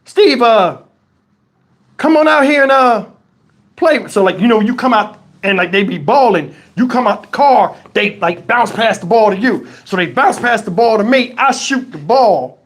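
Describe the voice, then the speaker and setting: A channel host on a live stream tells a funny story in a casual, profane way, animatedly acting out the voices of the people involved. His voice is high and husky, moving at a normal speed with few pauses.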